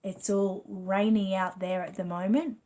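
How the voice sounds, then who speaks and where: With a warm, level, medium-pitched voice and a measured pace, a middle-aged Australian woman runs a relaxed livestream. She reads viewers' comments aloud and chats between frequent laughs.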